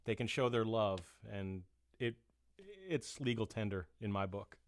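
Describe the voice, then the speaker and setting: A man's voice: fairly low pitch, fairly even intonation, unhurried, no room sound. Chatty middle-aged man, dry sound. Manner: rambling, self-deprecating, many restarts. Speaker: musician guest. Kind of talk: casual chat.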